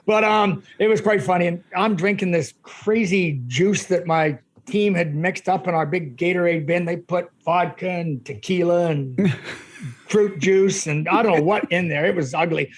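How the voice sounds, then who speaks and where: A man's voice: high-pitched, measured pace. A middle-aged man, a guest on a podcast, telling stories in a chatty way and often laughing. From Canada. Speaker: guest, ultramarathon runner. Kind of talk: casual storytelling.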